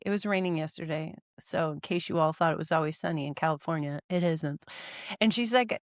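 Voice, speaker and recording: A woman's voice: lowish voice, animated, moderate pace, no room sound, studio quality. A woman in her forties co-hosting a casual podcast chat, laughing often and swearing freely. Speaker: podcast co-host. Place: California.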